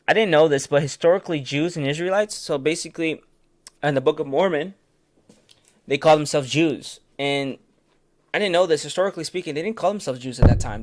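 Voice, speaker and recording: A man's voice: a little high, dry recording. A man leading a casual late-night Bible study stream, hesitant and full of fillers, stumbling over terms and correcting himself. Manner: answers viewers' comments in passing.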